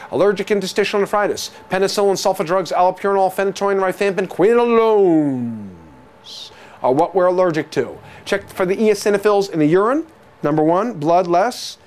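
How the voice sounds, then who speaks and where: A male lecturer with a notably high voice for a man, teaching with theatrical flair. He fires rhetorical questions at his listeners, repeats the answers for emphasis, and drops jokes between the facts. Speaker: medical exam review lecturer. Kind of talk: jokey recorded lecture.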